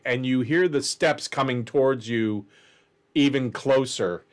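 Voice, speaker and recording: A man narrating as game master of a tabletop game in a deliberate, descriptive way. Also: mid-range voice.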